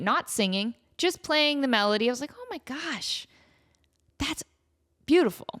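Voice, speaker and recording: A woman in her thirties hosting a podcast, telling a story in an animated, chatty way with lots of likes and ums. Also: medium pitch. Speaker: podcast host. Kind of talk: casual storytelling.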